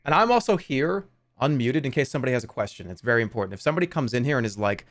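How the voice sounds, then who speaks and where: A male streamer hosting a game contest, talking loosely into a desk mic. His pitch swings widely as he jokes, swears and laughs, and his voice sits at an ordinary middle pitch. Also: lively intonation, very fast. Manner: jokey, profane, laughs often. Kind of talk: casual livestream commentary.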